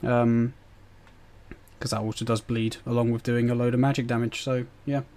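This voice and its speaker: A man's voice: medium pitch, little pitch movement, normal speed, a little mellow. A British man streaming a game live, chatting and rambling as he answers his chat with fillers and laughs. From Britain. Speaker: gaming streamer.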